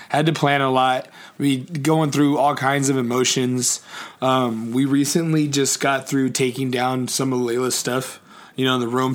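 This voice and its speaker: Young guy just rambling about his week, swears a lot, lots of um and like, pretty ordinary pitch. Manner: rambling, swears freely, many fillers and restarts. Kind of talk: casual personal vlog chat.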